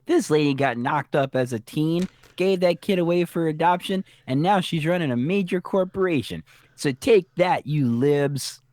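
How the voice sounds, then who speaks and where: A man co-hosting a podcast, joking sarcastically and reacting quickly in casual chat about a TV episode. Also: a little high, a little mellow, dry recording. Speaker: podcast co-host.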